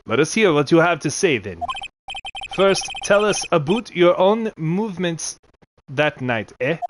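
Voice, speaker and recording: Man doing a fussy formal judge, lively pitch, game music behind. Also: unhurried, noisy background. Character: courtroom judge, an older man, fussy and bumbling. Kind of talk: game dub reading.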